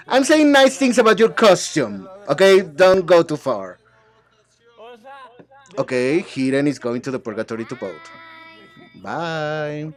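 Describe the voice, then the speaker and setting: Sassy, bickering reality-show exchanges get a one-man English dub from a translator who switches voices between several speakers. He speaks at a measured pace, expressive and fairly high-pitched.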